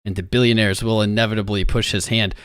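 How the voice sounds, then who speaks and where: A man's voice: on the low side, level tone, fast talker, a bit bright, clear, resonant tone, no echo, clean studio sound. Man chatting restlessly to a livestream chat. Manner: restless, talks to chat while searching. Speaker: crypto livestream host.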